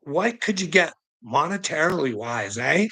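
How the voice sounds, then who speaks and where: A man's voice: fairly high pitch, very animated, measured pace, sharp tone, slightly rough, low-quality recording. A man ranting in a rambling monologue, mocking and profane, laughing often between lines. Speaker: vlogger.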